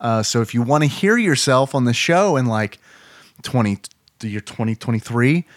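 A man's voice: mid-range voice, lively intonation, normal speed, no room sound. Chill podcast guy rattling off plugs, uhs everywhere, super dry close mic. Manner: loose, swearing, filler-heavy plugs. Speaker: podcast host. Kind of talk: casual podcast chat.

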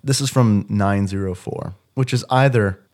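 A man's voice: on the low side, normal speed, darkish tone. Joking man hosting a podcast. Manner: jokey, reads listener texts, laughs often. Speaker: podcast host. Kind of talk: casual chat.

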